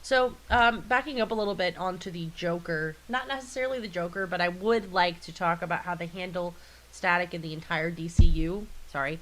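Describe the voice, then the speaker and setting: A woman's voice: fairly low pitch, brisk, fairly bright tone, rough recording. A woman co-hosting a casual podcast chat, blunt and swearing freely. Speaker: podcast co-host.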